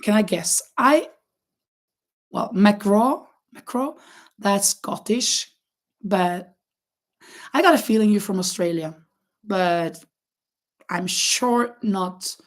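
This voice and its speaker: Slow, chatty woman crochet streamer. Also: mid-range voice, lively intonation. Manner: slow, chatty, many fillers and restarts; laughs often. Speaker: crochet livestream host. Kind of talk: casual livestream chat with viewers.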